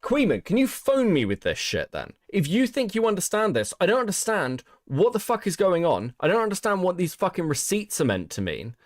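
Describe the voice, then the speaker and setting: A man hosts a livestream and rants in an exasperated, foul-mouthed way. His pitch swings widely from line to line, and his voice sounds dry and close, with no room around it. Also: wildly swooping pitch, a little fast, hardly any pauses, no room sound. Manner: profane, exasperated ranting. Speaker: stream host. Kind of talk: casual livestream chat.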